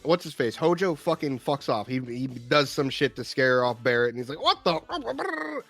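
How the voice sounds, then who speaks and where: A man's voice: medium pitch, moderate pace, soft background music. A man co-hosting a podcast, recapping game scenes in a casual, profane way with many fillers. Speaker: podcast co-host. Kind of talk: casual gaming chat.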